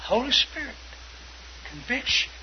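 An older man preaching a testimony, fervent and storytelling, swinging between loud and hushed. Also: extremely high pitch, very animated, measured pace. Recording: dull lo-fi broadcast with faint hiss.

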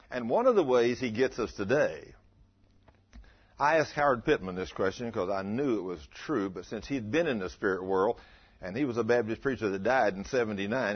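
A man in his fifties preaching a storytelling sermon, animated and acting out the dialogue. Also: fairly low pitch, slightly rough. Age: 50s. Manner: animated, acts out dialogue, laughs with listeners. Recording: dull lo-fi recording.

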